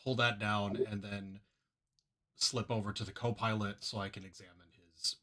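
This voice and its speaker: A man's voice: on the low side, level tone, moderate pace, fairly bright tone. A man playing a tabletop game, describing his character's actions hesitantly, often repeating words. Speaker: player.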